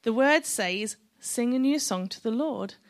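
A middle-aged woman preaching to her congregation in a slightly high voice. She talks in a chatty, encouraging way and drops joking asides to the listeners. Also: expressive, measured pace. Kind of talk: sermon.

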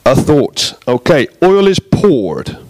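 A man giving a relaxed, jokey sermon in a church, bantering with the congregation. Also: mid-range voice, takes it slowly. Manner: chatty, jokey, self-deprecating. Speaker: preacher.

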